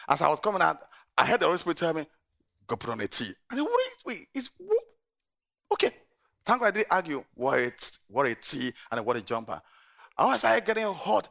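Brief: middle-aged male pastor, bright, gravelly voice, lively preaching delivery. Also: a little high. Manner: animated storytelling, often laughing. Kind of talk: sermon.

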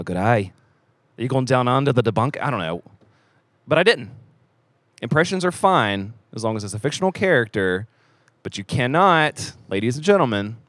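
A young man hosting a church podcast, chatting casually with an energetic, playful manner. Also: medium pitch, no echo. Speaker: podcast host. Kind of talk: casual chat. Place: church theater.

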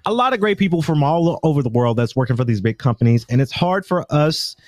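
A man's voice: fairly high pitch, expressive, fairly quick, dry recording, studio quality. A man from the United States hosting a podcast, talking through the news in a loose, rambling way and stopping often to correct himself. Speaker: podcast host. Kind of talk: casual podcast commentary.

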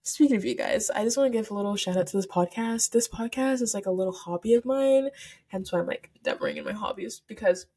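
A teenage girl talks alone into a camera for her podcast in a casual, gushing ramble. She giggles often and fills every pause with little fillers. Her mid-range voice wobbles as she gets emotional and close to tears. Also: medium pitch, dark tone, slightly rough. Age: teens. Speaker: podcast host. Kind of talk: casual solo podcast chat. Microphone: camera setup for filming.

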